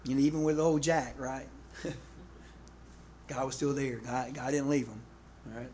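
A man preaching a sermon in an animated, conversational way, often restarting phrases and calling out to his congregation. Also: medium pitch, unhurried. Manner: calls out to the congregation. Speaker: pastor. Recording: echoey room with faint background noise.

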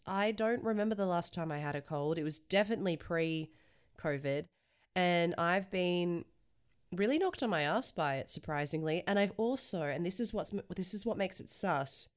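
A woman's voice: on the low side, clean tone. A woman hosting a podcast, chatting candidly and reading news with a stuffy voice from a cold. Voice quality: stuffy sick voice. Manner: candid, chatty, swears casually. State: has a cold. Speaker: podcast host.

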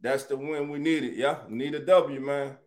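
A man hosts a casual live sports talk stream. His voice sits a bit high for a man. He talks in an animated way and greets his viewers by name as family. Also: moderate pace. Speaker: sports talk show host.

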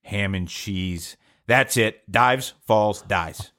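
A man voicing a fed-up American construction worker in a joke, complaining in a flat, low grumble. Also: very slow. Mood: resigned.

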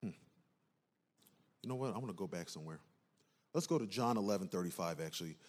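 A man's voice: sits low, lively intonation, quick pace. A man preaching a passionate sermon as pastor, asking the congregation if they are with him and rising to emphatic peaks. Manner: impassioned preaching with call-and-response asides.

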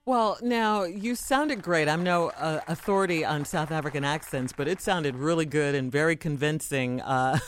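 A man's voice: fairly high pitch, moderate pace, few pauses, a bit bright, slight background noise. A male radio host interviewing a guest in the studio, upbeat and full of praise.

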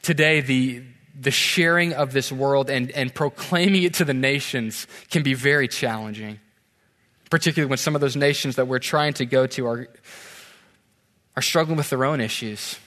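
A man preaching a sermon in a church, conversational and animated, asking the congregation rhetorical questions. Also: medium pitch. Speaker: pastor. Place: church sanctuary. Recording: long church hall reverb.

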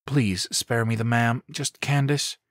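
A man voicing a sharp-tongued young woman student. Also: medium pitch, steady tone, measured pace, no echo, clean studio sound, voice pushed up, natural voice. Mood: indignant. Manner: sharp, indignant, snappy.

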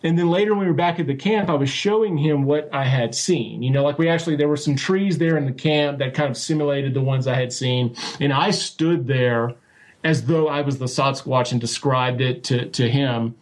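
A man telling a story as an interview guest, animated and full of restarts and acted-out quotes. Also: medium pitch, normal speed. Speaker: guest recounting a sighting. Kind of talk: casual storytelling.

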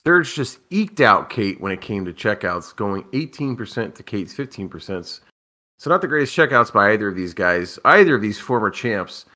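A man's voice: on the low side, sing-song, normal speed, bright, forceful tone. A sleepy man co-hosting a casual podcast, wisecracking as he talks about league darts matches. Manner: drowsy, wisecracking. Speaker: podcast co-host. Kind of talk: casual chat.

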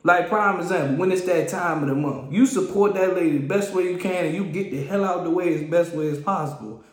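Exasperated, high-voiced man ranting on a podcast. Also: a little fast, roomy sound. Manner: animated, exasperated, repeats and restarts phrases. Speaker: podcast host. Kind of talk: casual solo podcast rant.

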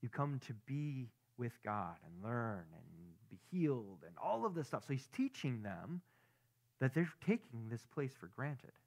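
A man preaching a sermon, talking easily and directly to his listeners. He keeps checking in with quick rhetorical questions, and his voice sits at an ordinary middle pitch. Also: sing-song, creaky, a little mellow. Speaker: pastor.

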